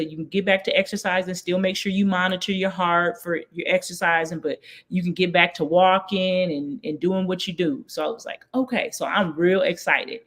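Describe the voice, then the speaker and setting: A woman, a guest telling her story in a casual interview, acting out what others said in lively voices. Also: lowish voice. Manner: animated, acts out quoted voices.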